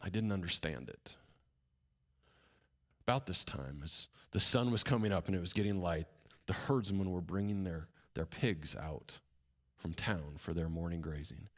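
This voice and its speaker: A man's voice: sits low, normal speed. A man preaching a sermon as a first-person dramatic story, dropping to whispers for suspense. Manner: animated retelling, drops to whispers for suspense. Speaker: pastor.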